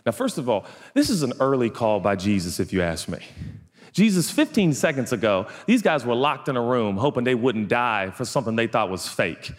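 Animated male preacher in a reverberant hall. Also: medium pitch, fairly quick. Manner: animated storytelling with playful asides. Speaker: pastor. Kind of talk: sermon.

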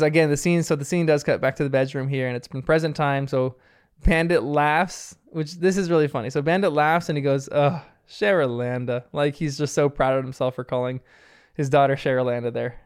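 A man's voice: fairly high pitch, a little fast, clean tone. A man casually recapping a cartoon episode in a chatty, rambling way, with lots of filler words. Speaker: show recapper.

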